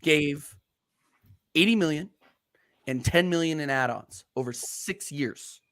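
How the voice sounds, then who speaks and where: A man's voice: fairly high pitch, slow, fairly bright tone, clean tone, no room sound, studio quality. A man co-hosting a casual football talk show, ranting heatedly and stumbling over repeated words. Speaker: co-host of a football podcast. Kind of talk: casual chat.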